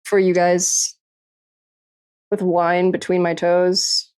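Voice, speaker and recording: A woman's voice: fairly low pitch, completely flat delivery, takes it slowly, darkish tone, smooth. A woman livestreamer chatting casually late at night, tired and a little tipsy, giggling often and swearing freely as she rambles. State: tired and tipsy after drinking.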